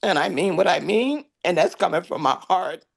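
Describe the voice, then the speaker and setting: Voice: medium pitch, animated, normal speed, gravelly. A transit union member giving emotional, impassioned testimony at a public hearing, near tears. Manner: impassioned, pleading.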